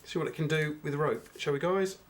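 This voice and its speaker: A middle-aged man with a slightly raised voice reviews a knife in a relaxed, unhurried way. He keeps turning to his viewers with friendly asides. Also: a little high, slight background noise. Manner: chatty, unhurried, addresses viewers as guys. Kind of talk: casual product review.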